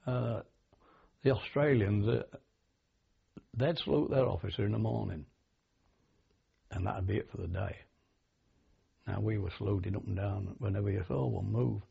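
Gravelly older British veteran, raspy. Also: male voice, fairly low pitch. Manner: rambling, halting, with many fillers and restarts. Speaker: war veteran interviewee. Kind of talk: oral history reminiscence. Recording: dull lo-fi archival tape.

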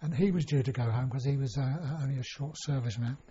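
A man's voice: mid-range voice, quick pace, dark tone, breathy edge. An older man telling a long personal story in an oral history interview, rambling and full of fillers and restarts. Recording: dull lo-fi recording.

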